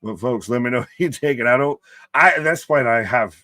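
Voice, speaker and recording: A man hosting a casual wrestling live stream, talking loosely to his chat and swearing freely. He breaks into laughter between his calls of the action. His voice sits at a middling pitch and sounds dry and close to the mic. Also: lively intonation, fairly quick, sharp tone, no echo. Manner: loose, profane, laughing, talks to chat by name.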